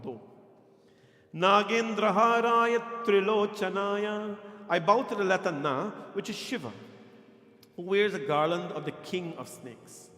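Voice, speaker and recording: A man speaking as a pandit, teaching a sermon and coaching Sanskrit pronunciation while teasing his congregation. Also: fairly high pitch. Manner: playful, quizzes and teases the congregation. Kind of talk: temple sermon with teaching and chanting. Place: temple hall. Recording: echoey hall with music behind.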